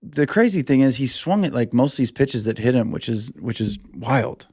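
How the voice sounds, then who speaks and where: Profane, animated male podcast host. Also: medium pitch, husky, no echo, studio quality. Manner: animated, profane, acts out players in quick put-on voices. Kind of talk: casual sports commentary.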